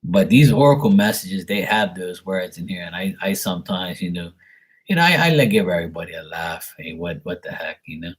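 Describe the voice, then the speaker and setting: A man talks loosely and casually to his livestream viewers, rambling from one story to the next and swearing freely. His voice sits low and carries a husky grain, and he often stumbles over and repeats his words. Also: lively intonation, a little fast. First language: Portuguese spoken at home. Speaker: live tarot reader.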